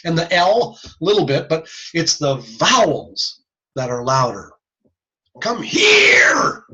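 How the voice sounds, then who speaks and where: A man lecturing in a bright, forward voice that rises and falls a great deal. He talks slowly and casually, stopping to demonstrate sounds aloud. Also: on the high side, sing-song, rough recording. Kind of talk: recorded video lecture.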